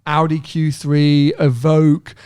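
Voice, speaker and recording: A man co-hosting a car podcast in casual chat, animated and quick to laugh. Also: fairly high pitch, clean tone, no echo, clean studio sound. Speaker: podcast co-host.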